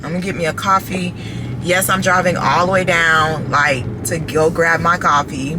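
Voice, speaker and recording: A woman vlogging casually to her phone camera, animated and chatty, calling her viewers "baby" and "child.". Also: lowish voice, moderate pace, background noise.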